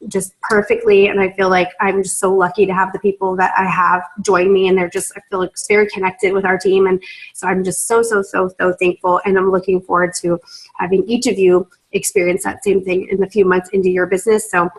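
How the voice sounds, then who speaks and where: A woman's voice: medium pitch, little pitch movement, brisk, rough recording. A young woman, a team leader on a video call, talking emotionally and gushing with many fillers, close to tears. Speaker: team leader in a sales business.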